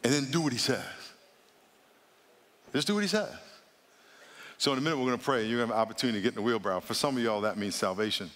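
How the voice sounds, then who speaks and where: A man preaching a sermon to a church congregation, animated, swinging his voice up high when he mimics people. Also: very fast, few pauses. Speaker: pastor. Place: large church auditorium. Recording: long hall reverb.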